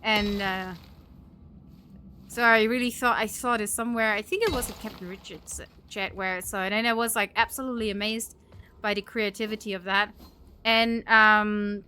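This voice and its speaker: A woman's voice: medium pitch, steady tone, moderate pace, pushed and bright, slight background noise. A woman live streamer chatting casually with her viewers while gaming, giggly and chatty as she thanks them and reacts to chat.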